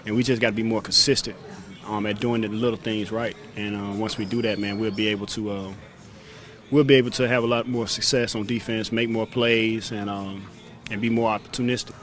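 A man's voice: lowish voice, flat delivery, fairly quick, fairly bright tone. A man in his thirties, a pro football player giving laid-back interview answers and often saying "man" and "you know what I'm saying".

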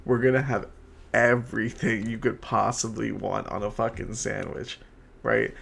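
A man's voice: on the low side, fairly even intonation, moderate pace, vocal fry, fairly bright tone, breathy edge. A young man co-hosting a podcast, joking around, laughing often and swearing casually. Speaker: podcast co-host. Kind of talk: casual chat.

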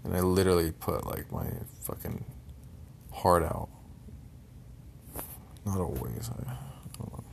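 A young man venting in a personal vlog, frustrated and bitter, swearing constantly and sometimes trailing off into low mutters. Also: a little slow, creaky, long pauses, a little hiss or hum.

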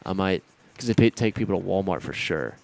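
A man's voice: low voice, expressive, fairly quick, gravelly, no echo. A young man hosting a college sports podcast from a conference room, chatting in a casual, joking, rambling way. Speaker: podcast host.

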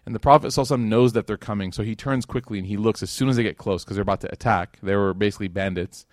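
A man's voice: lowish voice, rapid-fire, dry recording, clean studio sound. A man giving a casual religious lecture, telling stories in a conversational way and acting out the quoted lines. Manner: conversational, acts out quotes, many "like" and "right?".

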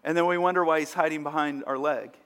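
A man's voice: on the high side, steady tone, quick pace, a bit bright. A man preaching a sermon as pastor, earnest and emphatic, with rising bursts of energy. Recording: long hall reverb.

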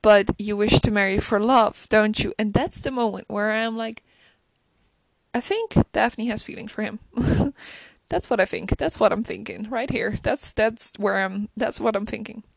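A woman's voice: mid-range voice, gravelly, no room sound. A woman chatting casually and gushingly about a TV episode, full of restarts. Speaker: show reviewer.

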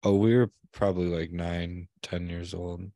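A low-voiced man tells a childhood story in casual podcast chat, swearing as he goes and acting out what other people said. His voice is dry and close to the mic, with no room around it. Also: flat delivery, a little slow, dark tone, no room sound. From Michigan. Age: adult parent. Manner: swearing storyteller who acts out quotes. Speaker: podcast co-host.

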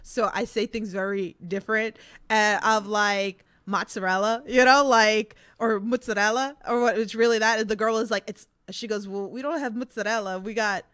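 A woman's voice: medium pitch, fairly even intonation, moderate pace, few pauses, fairly bright tone, smooth. A woman from Queens with a New York accent, hosting a casual interview chat and laughing often. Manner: chatty, laughs often, gushing. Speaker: podcast host.

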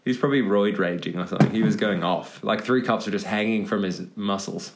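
A man's voice: fairly low pitch, fast. A young man co-hosting a casual podcast, joking and riffing with playful exaggeration. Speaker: podcast co-host. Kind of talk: casual comedic podcast chat.

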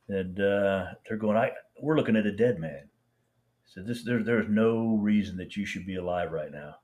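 A man telling stories from his service in a rambling, halting way, with many restarts and fillers. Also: low-pitched, a little mellow. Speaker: veteran guest. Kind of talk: casual storytelling interview.

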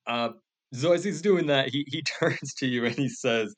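A man's voice: mid-range voice, normal speed. A man narrating a comedic tabletop game as game master, rambling with many fillers and restarts.

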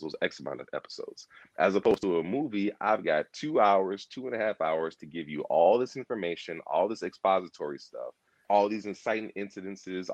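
Animated low-voiced man, rambling. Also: no echo, lo-fi sound. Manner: animated, rambling, repeats himself, acts out quotes. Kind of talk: casual pop culture discussion.

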